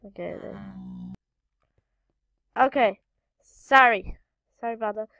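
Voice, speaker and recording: A woman's voice: on the high side, measured pace, fairly bright tone, highs cut off, a little hiss or hum. A woman hosting a gaming channel, giving casual gameplay commentary and muttering to herself while she searches, with frequent exclamations.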